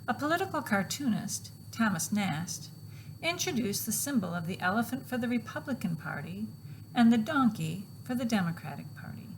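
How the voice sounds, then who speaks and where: A woman teacher walking students through a grammar worksheet, patiently explaining and reading examples aloud slowly. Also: on the high side, big pitch swings, a little hiss or hum, low-quality recording.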